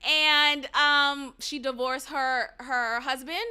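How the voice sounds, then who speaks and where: A young woman hosts her own solo podcast, offering casual, animated commentary, swearing freely and laughing at her own jokes. Her high voice is steady in tone, slow, pushed and bright.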